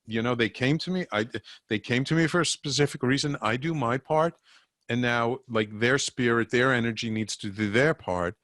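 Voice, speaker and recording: A man's voice: medium pitch, normal speed, no room sound. Man telling stories in a dry room. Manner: animated anecdotes with stammered restarts. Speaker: guest, energy healer. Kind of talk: casual interview storytelling.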